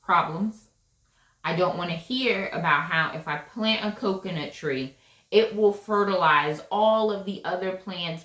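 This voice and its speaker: A chatty woman gives a casual tarot reading, repeating her points and checking in with the listener. Her voice sits a little low. The room around her is echoey. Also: unhurried, fairly bright tone. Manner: chatty, emphatic, repeats phrases, frequent "right?". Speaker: tarot reader.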